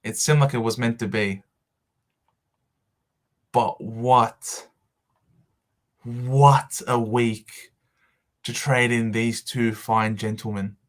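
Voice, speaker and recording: A man in an excited, over-the-top emotional vlog monologue, with shouts and dramatic pauses. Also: medium pitch. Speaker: fantasy football vlogger.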